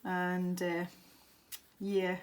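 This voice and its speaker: A woman's voice: on the low side, completely flat delivery, very slow. A Scottish woman chatting casually to viewers as she colours in her art channel video, rambling and breaking off into little laughs. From Scotland. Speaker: art YouTuber. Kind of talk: casual chat while colouring.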